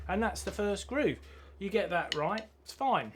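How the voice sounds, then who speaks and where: A man teaching drums in a music room, his voice pitched a little high for a man. He talks through grooves and chants rhythm syllables over a drum kit that plays loud behind him. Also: expressive, a little slow, hardly any pauses. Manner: chants rhythm words while demonstrating. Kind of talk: drum lesson tutorial. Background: drum kit playing.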